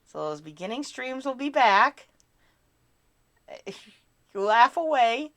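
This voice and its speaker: A woman's voice: fairly high pitch, big pitch swings, slow, fairly bright tone, dry recording. A woman chatting casually on a live stream, answering her chat in a rambling, candid and self-deprecating way.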